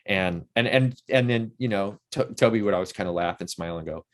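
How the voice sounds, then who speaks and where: A man in his sixties, an interview guest who tells lively stories about a film shoot and acts out what people said on set. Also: fairly low pitch, brisk. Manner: animated storyteller who acts out quotes from the set. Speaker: interview guest, actor and playwright. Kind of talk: casual interview chat.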